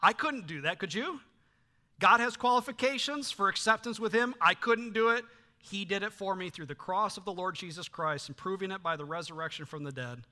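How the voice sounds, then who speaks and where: Bright-voiced man preaching a sermon. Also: high-pitched, a little fast. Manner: animated storytelling with frequent fillers and restarts. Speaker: pastor.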